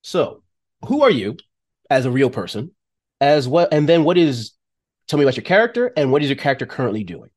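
A man hosting a podcast and narrating a tabletop role-playing game as game master, with playful, animated storytelling. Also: mid-range voice, fairly quick.

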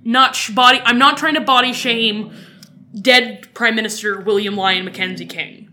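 Bright, animated woman telling history. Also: a little high, a little hiss or hum. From Canada, Alberta. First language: French. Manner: animated, jokey storytelling, quick asides. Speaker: podcast co-host. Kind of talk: casual history chat.

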